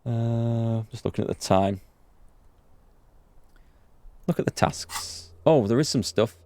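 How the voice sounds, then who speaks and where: A man hosting a let's play, reading the game's dialogue aloud with quick asides to viewers. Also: slight background noise. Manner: reads dialogue aloud with quick asides, jumps in pitch when excited. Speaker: gaming channel host.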